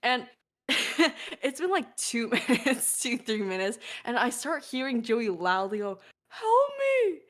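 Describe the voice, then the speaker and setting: A woman co-hosting a stream, telling a funny story in a lively, giggly way. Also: fairly high pitch, measured pace. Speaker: stream co-host. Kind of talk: casual storytelling.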